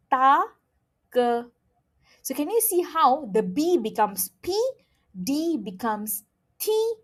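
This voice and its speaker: A woman's voice: a little high, a little mellow. A woman teaching a language lesson, patiently demonstrating sounds and often checking in with "okay?". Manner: demonstrates sounds by drilling syllables aloud.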